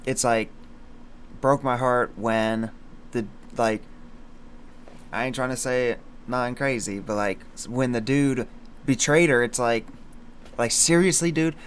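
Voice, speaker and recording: A man's voice: medium pitch, fairly even intonation, a little slow, pauses often, a little hiss or hum. A young man in casual livestream chat, rambling with many fillers and slang as he breaks down his own song lines. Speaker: streamer explaining his song.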